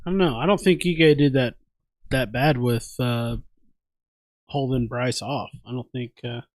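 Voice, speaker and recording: A man co-hosting a fight watch party podcast, an animated storyteller who acts out the quotes in casual chat. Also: medium pitch, a little slow, dry recording. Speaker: podcast co-host.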